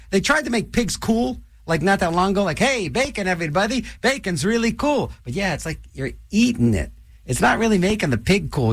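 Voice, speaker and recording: Rambling, animated older radio DJ. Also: male voice, no echo, studio quality. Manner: animated, rambling, jokey, restless pitch swings. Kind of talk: rambling radio host chat. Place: radio studio.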